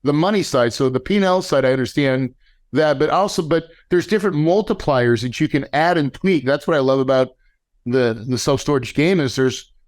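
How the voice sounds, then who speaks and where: A man hosting a podcast in casual chat, energetic and slangy, often checking in with "right?". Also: on the high side, brisk. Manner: energetic, slangy, thinks aloud with many "right?". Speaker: podcast host.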